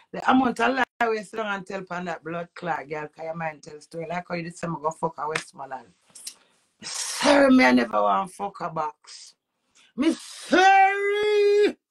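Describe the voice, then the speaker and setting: A woman's voice: mid-range voice, vocal fry. A middle-aged woman with a Jamaican accent, ranting heatedly and profanely to camera in a personal vlog. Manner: profane, emphatic, with sudden loud outbursts and laughs. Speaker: vlogger.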